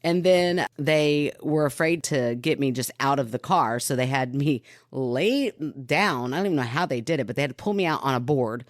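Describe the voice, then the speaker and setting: A woman co-hosting a podcast, telling a personal story in casual chat, animated and laughing often. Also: extremely low pitch, moderate pace, few pauses, dry recording, studio quality. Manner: animated, acts out quoted voices, laughs often. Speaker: podcast co-host.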